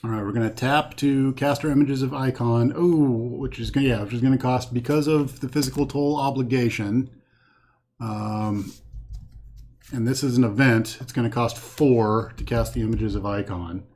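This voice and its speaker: This card-game host has a steady, somewhat dark mid-range voice and a moderate pace. Playing solo at home in front of a green screen, he reasons out loud, tallying cards and deliberating over every choice.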